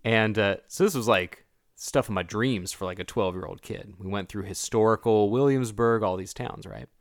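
Man telling animated stories, dry sound. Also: on the low side, normal speed, no room sound. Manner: animated storyteller, mimics voices in anecdotes. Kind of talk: casual podcast chat about a film.

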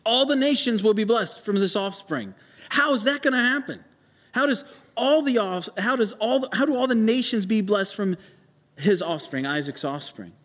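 Pastor, male, higher-pitched voice, preaching in a church hall with long reverb. Halting storytelling that grows emphatic. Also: a bit bright. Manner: halting storytelling with many restarts and fillers, rising to emphatic preaching. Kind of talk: sermon.

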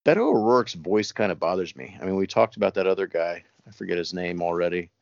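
A man's voice: sits low, quick pace, gravelly, no echo, dull audio. A man on a podcast, chatting casually and rambling with lots of fillers. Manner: rambling, many fillers, laughs often. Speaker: podcast co-host. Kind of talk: casual chat.

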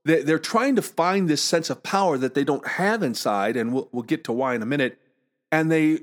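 Chatty middle-aged man hosting a podcast. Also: a little high. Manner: chatty storytelling, many fillers and restarts. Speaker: podcast host. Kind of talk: casual solo podcast monologue.

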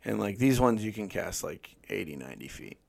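A young man with a gravelly, creaky voice chats casually on a podcast. He tells loose, profane stories in a relaxed way. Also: lowish voice, brisk. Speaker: podcast co-host. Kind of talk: casual chat.

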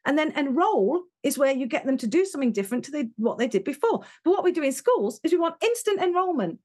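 A British woman talking in an interview, telling stories in an animated, emphatic way and acting out what people said. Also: high-pitched, quick pace. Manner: animated, emphatic storyteller who acts out quotes. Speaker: interview guest, education speaker. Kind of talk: conversational interview.

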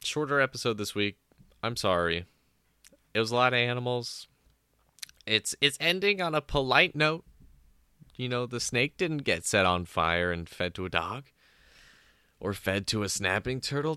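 A man's voice: mid-range voice, bright, forceful tone, clear, resonant tone, no room sound. A man hosting a podcast alone, riffing sarcastically in a casual comedic monologue and acting out bits in put-on voices. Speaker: podcast host.

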